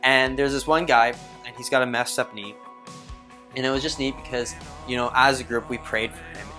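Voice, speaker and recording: A man with a bright, forceful voice recounts a faith testimony in quick, conversational bursts. Faint music plays behind him. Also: mid-range voice, steady tone. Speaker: youth ministry team member. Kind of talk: personal testimony storytelling.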